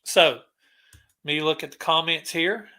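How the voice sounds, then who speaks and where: A man's voice: fairly high pitch, fairly even intonation, a little slow, bright, forceful tone. A man hosting a casual live stream, rambling and greeting viewers by name as he talks. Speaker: livestream host.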